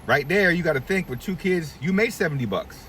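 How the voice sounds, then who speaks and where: A middle-aged barbershop owner rants to the camera in a blunt, profane, preachy way, with his pitch jumping up and down a lot. He sounds a bit far from the mic, with faint traffic noise behind him. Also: animated, brisk, a bit bright. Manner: blunt, profane, preachy, acts out quoted voices. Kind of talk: candid advice rant to camera.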